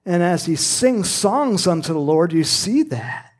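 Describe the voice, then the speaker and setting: A man's voice: high-pitched, very animated, measured pace. A man preaching a conversational sermon, acting out quoted lines and dropping at times to a whisper. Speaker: pastor.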